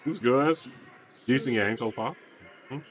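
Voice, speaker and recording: A man's voice: mid-range voice, normal speed, slight background noise. A young man giving casual, slangy reaction commentary on a basketball video, with mumbled asides. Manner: laid-back slangy banter, mumbles asides.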